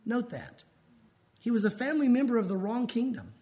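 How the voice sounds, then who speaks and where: A man's voice: very high-pitched, big pitch swings, a little fast, dark tone. A man preaching a sermon in a conversational way, with asides and chuckles. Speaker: pastor.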